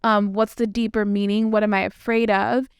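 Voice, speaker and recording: A woman's voice: medium pitch, flat delivery, moderate pace, smooth, no echo, clean studio sound. A woman hosting a solo podcast, talking in a chatty, reflective way with frequent fillers. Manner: chatty, with frequent likes and ums. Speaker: podcast host.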